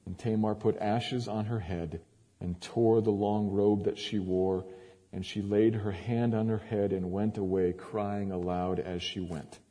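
A man preaching, reading scripture aloud in a measured, emphatic way with sudden rises. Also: fairly low pitch, fairly even intonation, dark tone. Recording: long hall reverb.

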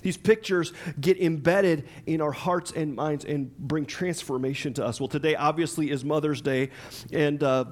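Chatty pastor, a man with a higher voice. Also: normal speed. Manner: conversational, chatty, laughs often, many fillers and restarts. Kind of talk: sermon.

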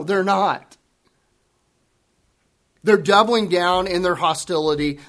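A man's voice: high-pitched, fairly bright tone. A man preaching a sermon, earnest and emphatic, repeating key words for weight.

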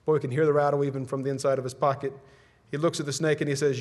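A man from the Ozark region, a pastor preaching a sermon with measured phrases that fall to a hush at their ends. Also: on the high side, flat delivery. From Ozark region, USA.

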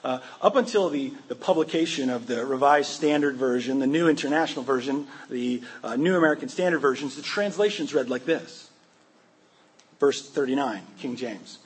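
A male pastor preaches with a fairly high, husky, expressive voice at a brisk clip. He brings a Bible scene dramatically to life, frequently breaking off and restarting his words.

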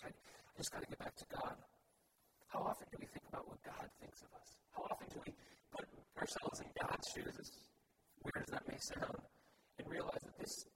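A man preaching a sermon as pastor, earnest and building his points through repeated emphatic phrases. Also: far from the mic. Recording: loud background noise.

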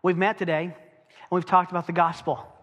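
Man, preacher, sermon, fairly high voice, emphatic, rhetorical questions, long hall reverb. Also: level tone, a bit bright, highs cut off. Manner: emphatic, rhetorical questions, slows down on key phrases.

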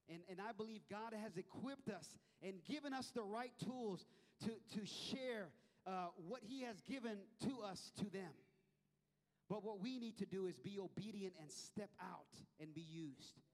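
A man preaching a sermon to his church, talking conversationally and acting out little scenes with different voices. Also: high voice. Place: church sanctuary. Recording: long reverb of a church hall.

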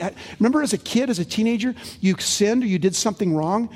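A man preaching a sermon, telling stories with animated swings between loud and hushed delivery. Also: sits high, quick pace, hardly any pauses, slightly rough. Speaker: pastor. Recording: long hall reverb.

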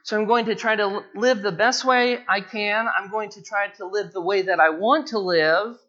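A man preaching an expository sermon, repeating his phrases and slowing down, his pitch rising as he presses each point home. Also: sharp tone. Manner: repeats phrases, slows down and rises in pitch for emphasis. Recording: dull lo-fi recording.

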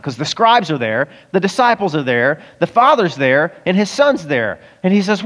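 A man preaching a casual, conversational sermon as a pastor, animated and acting out the voices of the people in the story. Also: on the high side, moderate pace. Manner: animated, acts out voices of Bible characters, chuckles often. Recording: long reverb of a church hall.

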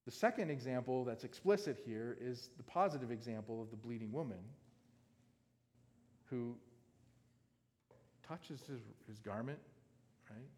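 A man's voice: medium pitch, measured pace, pauses often, darkish tone. Man preaching in a reverberant hall. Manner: conversational, asks the audience questions, often adds "right?". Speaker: pastor. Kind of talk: sermon with scripture reading. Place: large hall with a stage.

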